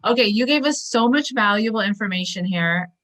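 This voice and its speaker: A woman's voice: mid-range voice, expressive, brisk, fairly bright tone, low-quality recording. A woman hosting an interview, chatting in a friendly, enthusiastic way. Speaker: host.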